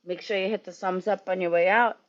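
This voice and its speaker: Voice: mid-range voice, fairly even intonation, brisk, muffled recording. A sleepy, yawning streamer rambling and swearing in casual chat with viewers while working in a garage. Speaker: livestreamer.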